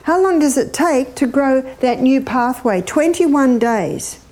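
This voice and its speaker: Older woman, health educator, warm mellow tone, lively and questioning. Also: high voice, moderate pace. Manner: lively, imitates bird laughs, asks the audience questions. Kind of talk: animated teaching talk.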